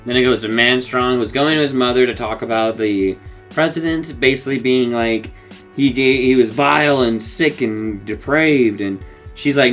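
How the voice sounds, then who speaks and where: A man's voice: medium pitch, normal speed, a bit bright, soft background music. A man casually recapping a cartoon episode, rambling and acting out the characters' lines, laughing often.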